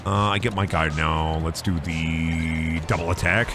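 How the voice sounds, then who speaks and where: A man's voice: extremely low pitch, flat delivery, a little slow, over music. A man streaming a game, rambling and joking about wrestling in casual commentary. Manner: rambling, jokey, riffs on wrestling bits. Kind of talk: casual let's-play commentary.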